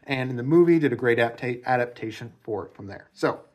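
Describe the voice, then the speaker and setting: A man's voice: mid-range voice, fast. A man giving a casual spoken analysis of a novel, rambling and repeating himself, with many fillers. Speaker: book commentator.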